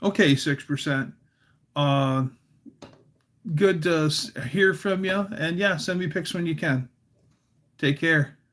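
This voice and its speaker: A man's voice: a little high, slow pace, pauses often, fairly bright tone. Rambling man telling a story on stream. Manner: rambling, many fillers and restarts. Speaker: livestream host. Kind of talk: casual livestream chat and storytelling.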